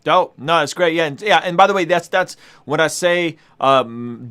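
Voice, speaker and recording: This music reviewer hosts a casual livestream with hip hop beats in the background, chatting to viewers in hyped slang. His voice sits a little high and sounds pushed and bright with a clean tone, moving at normal speed with few pauses.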